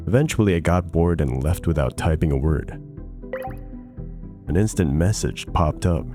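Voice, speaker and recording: A man narrates horror stories in a measured, suspenseful scripted read. His voice is low and steady. Quiet music plays underneath. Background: soft music.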